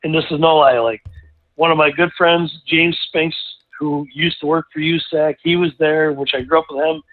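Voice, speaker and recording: A man's voice: fairly high pitch, normal speed. Middle-aged guy rambling thru a racing story, lots of restarts, sounds like he's on a phone line. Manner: rambling, animated anecdote with many restarts. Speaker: guest racing driver. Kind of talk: casual storytelling.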